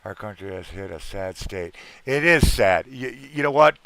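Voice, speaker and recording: A man's voice: lowish voice, expressive, normal speed, fairly bright tone, no echo. A middle-aged man hosting a casual livestream chat, talking in a rambling, earnest way and repeating himself. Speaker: livestream host.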